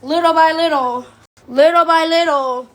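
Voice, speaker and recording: A woman's voice: very high voice, fairly even intonation, unhurried, fairly bright tone, roomy sound, low-quality recording. A woman streaming casually from her home, blunt, profane and ranting as she talks back to viewers. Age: adult. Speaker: TikTok live streamer. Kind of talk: casual livestream chat.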